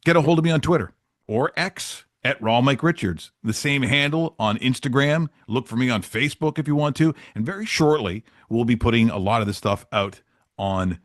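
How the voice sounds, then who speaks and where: A man's voice: lowish voice, no echo, studio quality. Chatty male sports betting host. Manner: chatty and joking, with loose asides. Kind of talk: casual sports picks talk.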